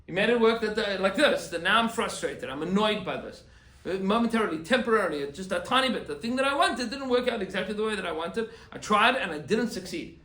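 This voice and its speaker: A man, a rabbi, giving an animated Torah class and acting out quoted complaints. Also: high-pitched, a little fast, reverberant.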